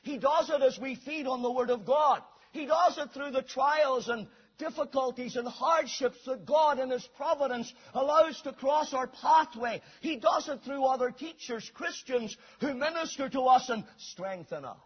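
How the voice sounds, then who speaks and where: A man preaching a sermon with emphatic delivery, rising to shouts and dropping to quiet asides. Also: very high-pitched, normal speed, few pauses, breathy edge. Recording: dull lo-fi sermon recording.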